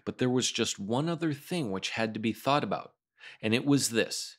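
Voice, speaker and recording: A man reading a children's storybook aloud as a storyteller. His delivery is expressive and animated, and his voice sits at a middle pitch with a lively, wide-ranging melody. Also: moderate pace.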